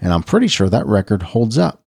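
Lively, chatty middle-aged male radio host. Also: on the low side, fairly quick, vocal fry, breathy edge, dry recording, clean studio sound. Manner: rambling, self-correcting, chatty asides. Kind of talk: casual birthday and history rundown.

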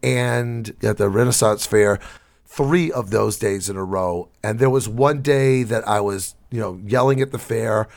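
A man co-hosting a comedy podcast, his voice hoarse and gravelly, telling wry, exasperated stories in casual chat. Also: lowish voice, a little slow, darkish tone. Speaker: podcast co-host.

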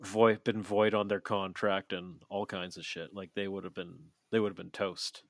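A deep-voiced podcast co-host speaks at normal speed with little pitch movement, swearing freely and rambling through casual chat with plenty of fillers. The audio has no echo.

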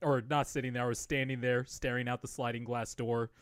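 A man co-hosting a sports podcast who talks in an excitable, rambling way and swears freely. His voice is mid-pitched and recorded dry and close, with no room sound. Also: a little fast, clear, resonant tone, no room sound. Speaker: podcast co-host. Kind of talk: casual sports podcast chat.

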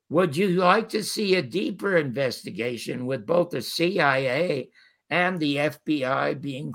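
Older guy spinning showbiz stories, kinda high and gravelly. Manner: animated storyteller quoting others. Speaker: guest storyteller. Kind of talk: casual interview anecdotes.

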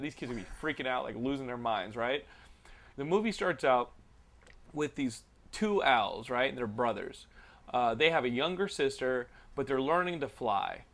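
A man's voice: mid-range voice, fairly bright tone. A man hosting a casual podcast, joking and rambling with his guests. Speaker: podcast host.

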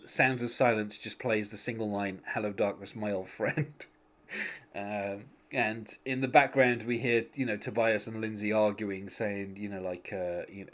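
A man chatting casually on a podcast, laughing often and talking with lots of fillers and restarts. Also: fairly low pitch. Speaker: podcast host. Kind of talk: casual chat recapping a TV episode.

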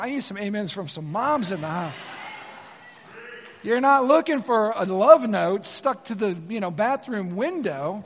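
A middle-aged pastor with a high voice delivers an energetic, conversational sermon, often turning to the congregation with asides. He is recorded in a church sanctuary, where his voice trails off in a long reverb. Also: moderate pace.

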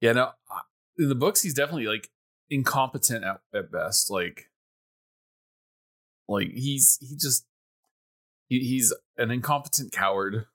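A man guesting on a podcast, chatting casually and agreeing along, his phrases often trailing off quietly. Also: mid-range voice, expressive, measured pace, long pauses. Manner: trails off softly, agreeing and laughing. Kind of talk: casual chat.

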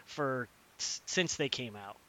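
A young man in casual podcast chat, ranting animatedly and swearing, acting out characters in quick impressions. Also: medium pitch, sharp tone.

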